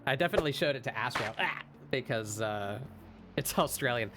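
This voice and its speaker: A man's voice: mid-range voice, animated, brisk, noisy background. A man hosting a casual art stream, talking in a laid-back, hesitant way while he draws.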